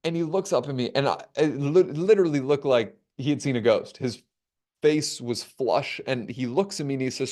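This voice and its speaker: A man giving a webinar keynote, telling a story with dramatic pauses and acting out the dialogue. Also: mid-range voice, warm tone. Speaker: keynote speaker. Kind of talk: storytelling talk.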